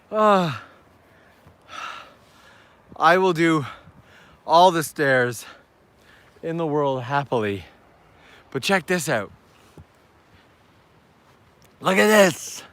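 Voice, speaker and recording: A man's voice: on the high side, a bit bright, no room sound. A man hosting a casual walking live stream outdoors, upbeat and chatty as he talks to viewers while climbing hillside steps.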